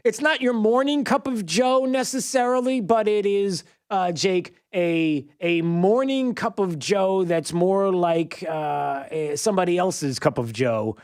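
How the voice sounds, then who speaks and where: A male talk radio host giving an animated monologue full of fillers and sarcastic asides. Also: sits high, unhurried, hardly any pauses, dry recording, clean studio sound.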